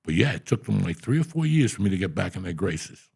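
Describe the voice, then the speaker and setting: A man's voice: low-pitched, big pitch swings, fast talker, vocal fry, a little mellow, husky. A man guest telling profane, blunt stories in a casual interview. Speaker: guest comedian.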